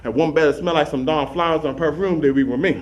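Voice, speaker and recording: A man telling rambling comic stories in a rapid, run-on, repetitive way, animatedly acting out the scenes. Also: a little high, muffled recording, slight background noise. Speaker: comic storyteller.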